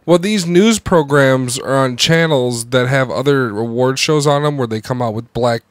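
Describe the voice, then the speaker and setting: A man's voice: medium pitch, moderate pace, no echo. Laughing, wisecracking male co-host. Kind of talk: casual comedic chat.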